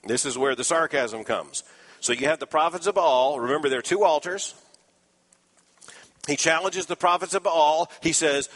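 A man preaching an expository sermon in a slightly high voice. He explains scripture earnestly, dropping in dry little asides along the way. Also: normal speed, a bit bright, long reverb tail.

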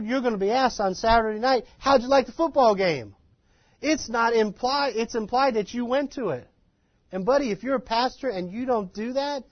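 A man giving an informal, animated and self-deprecating lecture to a live class of ministry students, in a folksy manner. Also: high voice, breathy edge, no room sound, highs cut off. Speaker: ministry trainer.

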